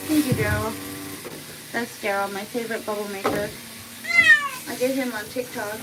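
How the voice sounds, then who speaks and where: A woman's voice: medium pitch, fairly even intonation, moderate pace. A woman cat groomer giving a live grooming demonstration, talking to the cat in playful sing-song baby talk. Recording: loud background noise.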